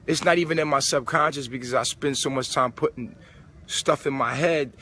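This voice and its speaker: A man's voice: mid-range voice, normal speed, pushed and bright. A man giving a casual spiritual monologue, preachy and full of street slang. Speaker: spiritual vlogger. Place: old supermarket converted to a club.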